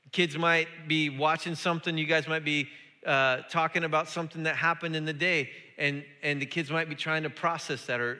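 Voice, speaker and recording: Pastor guy preaching, really bright forceful voice, big echoey church hall. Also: fairly high pitch. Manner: animated, rising to emphatic repetition. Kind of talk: sermon. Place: church sanctuary. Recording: church hall with long reverb.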